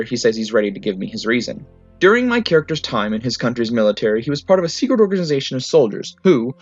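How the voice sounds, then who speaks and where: Man with deadpan story narration. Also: mid-range voice, no echo. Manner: matter-of-fact, clipped deadpan delivery. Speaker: narrator reading fan stories. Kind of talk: storytelling reading. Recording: slightly muffled, faint music.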